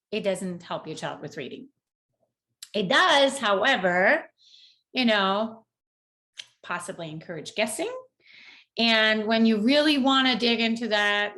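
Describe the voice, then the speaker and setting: A woman's voice: medium pitch, a bit bright. A woman who speaks English as a second language, a mother and teacher giving parents casual, earnest reading tips in a vlog. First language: not English. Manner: earnest, encouraging, talks straight to parents; acts out quoted parents and teachers in a lifted voice.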